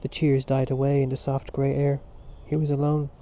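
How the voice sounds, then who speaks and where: A man reading a novel aloud as narrator in a measured storytelling manner. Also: medium pitch, monotone, mellow. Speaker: audiobook narrator. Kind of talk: scripted narration. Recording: dull lo-fi recording.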